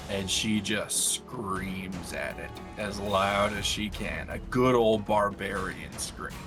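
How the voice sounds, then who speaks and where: Give me a man with a lower voice describing his character's fight, hesitant, over clear music. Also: steady tone, slow pace. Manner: hesitant, many fillers. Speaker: player.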